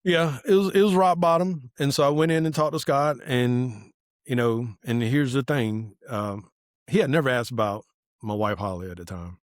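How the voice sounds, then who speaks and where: A man's voice: mid-range voice, normal speed, no echo, studio quality. A man, a podcast guest telling a personal testimony in casual conversation, earnest and acting out the dialogue he quotes.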